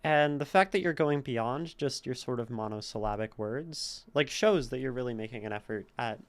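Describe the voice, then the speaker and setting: A man's voice: medium pitch, normal speed. A man streaming a casual poetry critique, thinking aloud and sounding out the stresses of words. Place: home streaming setup.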